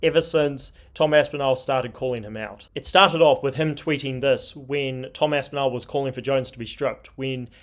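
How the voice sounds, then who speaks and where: A mid-range male voice with fairly even intonation, normal speed, and few pauses belongs to the host of an MMA commentary channel. He gives opinionated commentary, reading tweets aloud with indignation and scorn.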